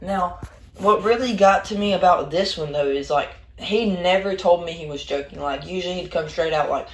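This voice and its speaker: A man narrating a storytime story in a slangy, rambling, animated way. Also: sits high, normal speed. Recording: roomy echo.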